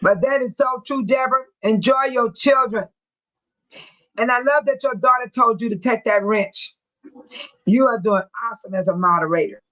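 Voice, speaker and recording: An older woman in her sixties, chatting casually with her viewers as a stream host. Her voice sits a little on the high side, and she talks bluntly and tells stories, often breaking into laughter. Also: normal speed, fairly bright tone, poor audio. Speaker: livestream host speaking to viewers. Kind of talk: casual chat.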